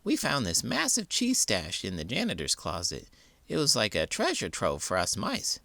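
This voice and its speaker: A man voicing a chatty, excitable little mouse who tells his tale eagerly and a bit boastfully. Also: fairly low pitch, normal speed, creaky, dry recording, heavily acted. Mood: excited.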